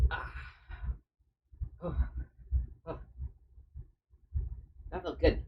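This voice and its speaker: Slow, chatty man streaming as he draws. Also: mid-range voice, darkish tone, breathy edge, highs cut off. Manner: chatty, mutters steps to himself as he works. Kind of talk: casual live-stream chat while drawing.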